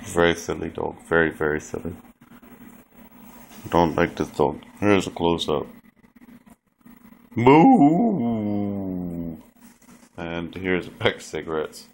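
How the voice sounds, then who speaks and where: A man casually narrating a home video of his big dog, in an offhand, deadpan way with ums. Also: deep voice, moderate pace, creaky, a little hiss or hum. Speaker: dog owner filming his pet.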